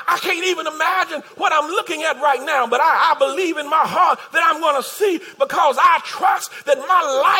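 A man's voice: very high voice, pushed and bright. A man preaching a sermon, building his points through repeated phrases and calling out to the congregation.

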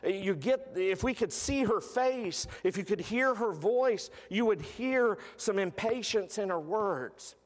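Conversational preacher with a higher voice. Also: male voice, animated, measured pace, hardly any pauses, long reverb tail. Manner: conversational, with frequent "uh" fillers and restarts. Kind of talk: sermon.

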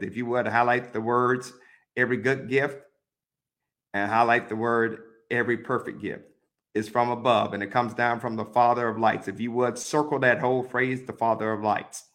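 A man teaching a Bible study, reading verses aloud and methodically telling listeners which words to underline and highlight. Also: bright, forceful tone. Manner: methodical, repeats instructions to mark the text; reads scripture aloud then pauses to direct.

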